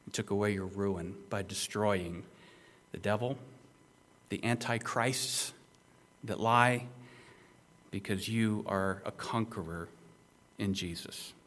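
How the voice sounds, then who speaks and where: A man's voice: lowish voice, takes it slowly, long pauses, a bit bright. A male pastor preaching an expository sermon, emphatic and conversational, with rhetorical questions to the listeners.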